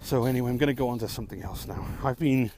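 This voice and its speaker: A man's voice: medium pitch, rapid-fire, a little mellow, slight background noise. A man talking alone to camera in a frustrated, sarcastic rant, swearing often. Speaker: vlogger. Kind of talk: ranting vlog monologue.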